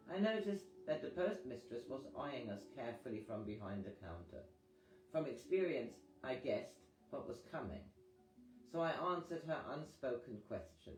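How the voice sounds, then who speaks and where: A man reading a first-person memoir aloud in a measured storytelling manner. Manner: measured storytelling, animated pitch on dialogue. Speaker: audiobook reader. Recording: echoey reading over guitar music.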